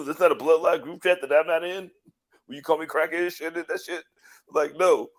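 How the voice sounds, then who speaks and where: A man co-hosting a casual wrestling podcast, loud and joking with lots of laughter. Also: on the high side, steady tone, moderate pace. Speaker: podcast co-host.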